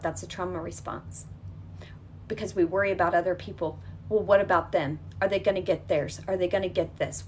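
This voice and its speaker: A woman guides listeners through a healing exercise at a mid-range pitch. She coaches emphatically, repeating her points, reassuring and direct. A faint hiss of noise sits under her voice.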